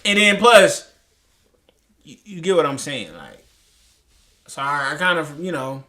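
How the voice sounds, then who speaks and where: A man's voice: a little high, measured pace, pushed and bright. A man reacting to a clip, talking in a heated, profane, rambling way with many restarts. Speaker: commentary host. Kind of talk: reaction commentary.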